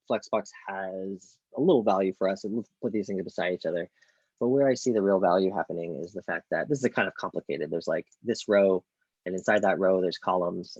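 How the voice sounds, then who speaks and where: Male coding tutor: low, gravelly, husky voice, casual screen-recorded walkthrough full of ums and self-corrections. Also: brisk, darkish tone, dry recording, muffled recording. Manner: thinks aloud with many ums, self-corrections. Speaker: coding instructor.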